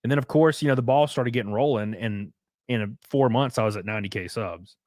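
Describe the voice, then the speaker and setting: A laid-back man with a Southern US rural drawl talks loosely to his stream chat, swearing freely as he goes. His voice sits at an ordinary pitch for a man, and the sound is dry and close to the mic. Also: quick pace, a little mellow, dry recording. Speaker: streamer reading super chats. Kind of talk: casual livestream chat.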